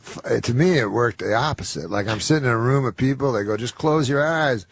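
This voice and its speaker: A man's voice: medium pitch, fast talker, vocal fry, husky. A man telling stories as a podcast guest in a laid-back, profane, dry and wry way. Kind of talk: casual storytelling chat.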